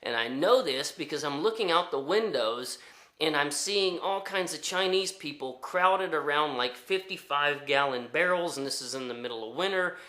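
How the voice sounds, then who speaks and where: A man's voice: on the high side, animated, moderate pace, pushed and bright, reverberant. A man telling a story in a casual, rambling way, full of fillers and restarts. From United States. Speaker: storyteller vlogger.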